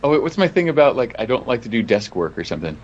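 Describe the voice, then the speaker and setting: A man's voice: medium pitch, very animated, racing, darkish tone, dull audio. A male voice actor guesting on a podcast, telling jokey stories with constant laughter. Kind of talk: casual chat.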